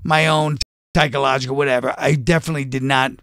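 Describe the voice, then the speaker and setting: A middle-aged man, a comedian guest on a radio show, answering questions with deadpan, sardonic humor. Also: mid-range voice, fast, no echo, studio quality. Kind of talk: casual radio interview. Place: radio studio.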